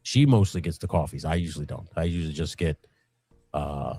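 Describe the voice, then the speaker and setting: A middle-aged man speaks fairly quickly in a slightly rough voice, with no echo, while co-hosting a live stream in his home workshop; faint music plays in the dry room. Chatting casually and with profanity, he rambles, laughs often, and acts out high voices as he tells stories.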